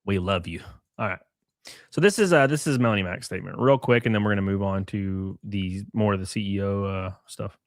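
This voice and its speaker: A man's voice: lowish voice, brisk, no echo, studio quality. A man from Alabama with an Alabama Southern accent, hosting a casual livestream, reading chat and rambling with crude joking asides.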